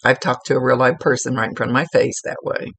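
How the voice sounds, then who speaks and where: Woman psychic medium, gravelly low rasp, dry close sound, chatty and rambling reading style. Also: steady tone, fast talker, a bit bright, dry recording. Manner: informal, rambling, with many fillers and restarts. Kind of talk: one-on-one spiritual reading. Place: at home, seated.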